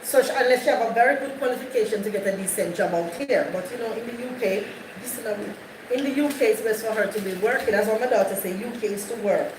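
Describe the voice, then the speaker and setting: Fast and fairly high-pitched, a woman from Jamaica hosts a live stream, chatting casually, greeting viewers by name and repeating herself. The sound is off-mic and echoey, with her far from the microphone and a noisy background.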